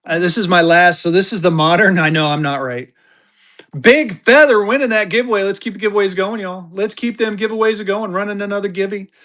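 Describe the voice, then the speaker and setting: Upbeat male livestream seller, slightly high voice, chatty and excited auction patter. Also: a little fast. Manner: excited, chatty, talks straight to viewers. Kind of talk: live auction stream chat.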